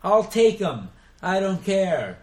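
A man voicing a boastful lone male warrior on a hill, with a put-on heavy accent and a loud, brash taunting delivery. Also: high voice, big pitch swings, slow pace, echoey room, pitched above the performer's own voice, full character voice.

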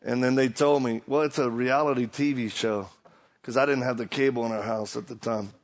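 Gravelly Louisiana preacher man. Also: mid-range voice, fairly even intonation. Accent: Louisiana Cajun. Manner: folksy storytelling, halting restarts. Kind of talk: sermon with humor.

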